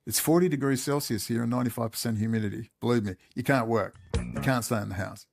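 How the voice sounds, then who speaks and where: A man's voice: medium pitch, fast talker, vocal fry, over music. A man with an Australian accent giving an angry, intense monologue full of swearing. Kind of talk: ranting monologue.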